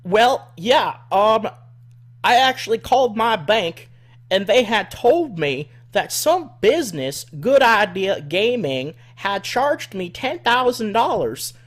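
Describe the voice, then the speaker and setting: A man doing a shrill Arkansas woman on the phone. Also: big pitch swings, a bit bright, full character voice. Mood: insistent. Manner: shrill, slow, accusing, repeating herself.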